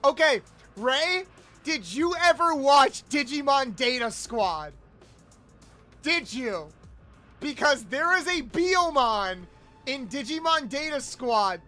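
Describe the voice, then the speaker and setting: A young man streaming a video game, chatting casually with viewers, loud and animated with swearing. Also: very high-pitched, takes it slowly, soft background music. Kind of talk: casual gameplay livestream chat.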